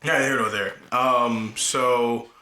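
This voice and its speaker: A man's voice: medium pitch, fairly even intonation, slow pace, pushed and bright. A man co-hosting a podcast, chatting casually about a film, laughing often and slipping into slangy talk and mock voices. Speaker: podcast co-host. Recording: echoey room.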